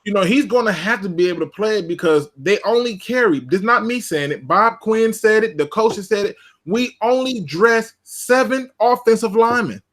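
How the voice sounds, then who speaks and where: A man's voice: high-pitched, lively intonation, fairly quick, few pauses, a bit bright. Emphatic man talking sports. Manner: emphatic, repeats phrases for effect. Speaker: podcast co-host. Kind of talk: casual sports talk.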